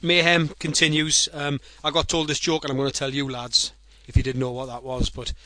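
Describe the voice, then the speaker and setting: A man's voice: fairly high pitch, little pitch movement, a little fast, pushed and bright, no echo. A man hosting a casual football podcast, telling jokes and stories in a rambling way. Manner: rambling, jokey storyteller. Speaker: podcast host.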